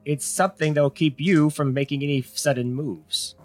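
A man's voice: a little high, steady tone, moderate pace, darkish tone, pitched above the performer's own voice, natural voice. A pompous little nobleman in a tabletop game, as a man puts him on. He talks in a raised, thin register, brushing everyone off with impatient disdain. Faint music plays underneath. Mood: haughty. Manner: haughty, dismissive. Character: tiny arrogant male noble, pompous and impatient.

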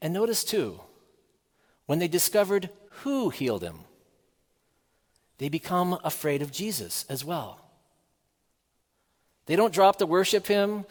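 A man preaching a sermon in a measured, earnest way, asking the listeners rhetorical questions. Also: high-pitched, expressive, long reverb tail.

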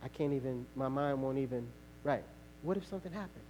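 A male pastor preaching a sermon, telling a story in a conversational way with laughter and sudden shouts. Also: medium pitch, animated, brisk, a little hiss or hum.

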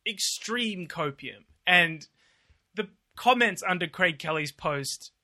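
Co-host, man, high bright voice, wry commentary. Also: animated, takes it slowly. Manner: sarcastic, laughing, mock-chanting quotes. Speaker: podcast co-host. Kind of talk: casual political commentary chat.

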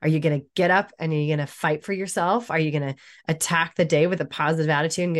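A woman's voice: deep voice, steady tone, fast talker. A woman giving a blunt, casual motivational talk, swearing freely and laughing often. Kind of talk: motivational monologue.

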